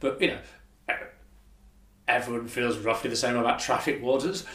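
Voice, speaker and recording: A man's voice: mid-range voice, normal speed, sharp tone, reverberant. A man hosting a casual interview, chatty and digressive, with self-deprecating asides. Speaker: podcast host.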